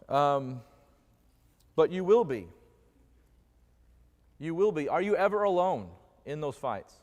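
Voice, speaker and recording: Inside a church sanctuary, a man with a somewhat high, slightly mellow voice gives a conversational sermon, joking and quizzing the congregation. He's expressive at a moderate pace with long pauses, and a long hall reverb trails his words.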